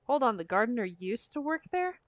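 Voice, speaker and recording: A woman's voice: a little high, very animated, fairly quick, dry recording, lo-fi sound. A woman streamer reading game dialogue aloud in a dry, wry way.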